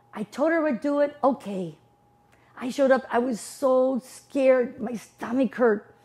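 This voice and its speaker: A woman in her fifties whose first language isn't English gives an emphatic personal testimony as a motivational speaker. Her voice is fairly high and a little mellow, and she poses rhetorical questions.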